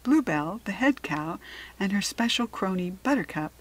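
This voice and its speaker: A woman narrating a storybook aloud in a gentle, measured read-aloud manner. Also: mid-range voice, lively intonation, low-quality recording. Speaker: storybook reader.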